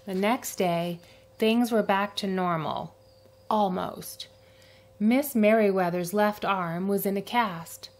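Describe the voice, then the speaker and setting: A woman reading a children's picture book aloud, with gentle narration and voices for the characters. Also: medium pitch, slow pace. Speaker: storyteller.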